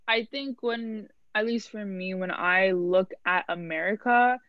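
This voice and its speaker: A young woman co-hosting a podcast, talking in a casual, animated way with lots of fillers. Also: medium pitch, unhurried, no room sound. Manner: animated, chatty, many fillers. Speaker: podcast co-host. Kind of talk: casual chat. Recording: dull lo-fi dry sound.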